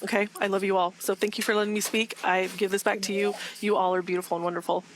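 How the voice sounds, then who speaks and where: A woman's voice: medium pitch, flat delivery, fast talker, slight background noise, poor audio. A woman speaking with passion in a casual group talk, repeating herself and laughing often. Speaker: guest speaker in a live fan discussion.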